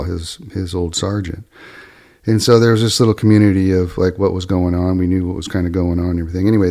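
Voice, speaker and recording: A middle-aged fly shop owner who hosts a podcast tells loose, rambling stories packed with fillers and restarts. When he quotes people, he briefly raises his voice to act out their lines. His voice sits low and sounds a little mellow.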